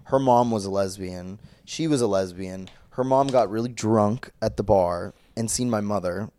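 A man's voice: on the low side, moderate pace, mellow. A man from Minnesota, a guest in a casual podcast chat, telling personal stories candidly, with lots of fillers and laughs.

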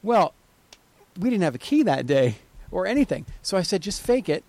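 A man's voice: sits high, normal speed, no echo. A man co-hosting a podcast, telling stories in casual, profane chat. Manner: swearing, storytelling, animated. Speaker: podcast co-host, film director.

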